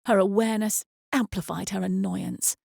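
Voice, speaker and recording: A woman narrating an audiobook in a measured, expressive storytelling manner, close to the mic. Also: medium pitch, creaky, no room sound.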